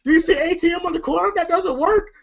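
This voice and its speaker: A man doing a high, scornful impression of a hostile male film character, ranting fast and indignant, on a dull lo-fi recording. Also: gravelly. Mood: mocking, indignant. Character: brash loud-mouthed male film character, hostile shopkeeper type.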